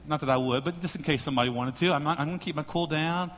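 A male pastor delivers an animated sermon, mixing jokes with storytelling. His voice is high and bright. A long reverb fills the sanctuary around him. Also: racing, few pauses. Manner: storytelling, joking, animated preaching.

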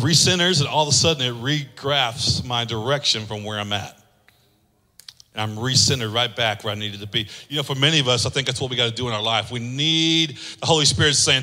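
A man's voice: mid-range voice, fast talker, bright, forceful tone. A man preaching a sermon with impassioned, sung-out lines, acting out voices in his stories. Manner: acts out voices in anecdotes. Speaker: pastor. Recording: long hall reverb.

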